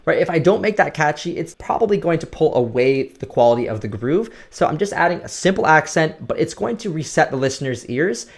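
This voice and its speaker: A man's voice: a little high, lively intonation, fairly quick, vocal fry, hardly any pauses. A man giving a casual, explanatory music production tutorial at his computer, often checking in with "right?". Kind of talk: screen-recorded production tutorial.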